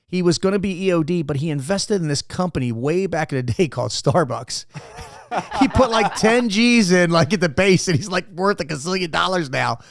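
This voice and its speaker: A man's voice: high voice, lively intonation, a little fast, vocal fry, dry recording. A man in his fifties, a former Navy SEAL guest, telling rambling, profane stories in a casual interview.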